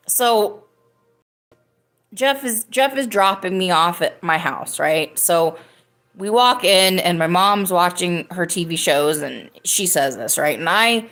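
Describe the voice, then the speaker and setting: A woman's voice: on the low side, measured pace, a bit bright, soft background music. A woman in her thirties hosting a podcast, telling a story casually and rambling with many fillers and restarts. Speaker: podcast host.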